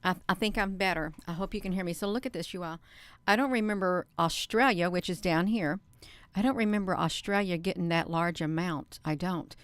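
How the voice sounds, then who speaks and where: Chatty woman host, smooth voice. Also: lowish voice, brisk, no room sound. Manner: chatty, laughs often, many ums and filler; says "you all" instead of "y'all". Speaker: channel host. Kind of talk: casual live-stream chat.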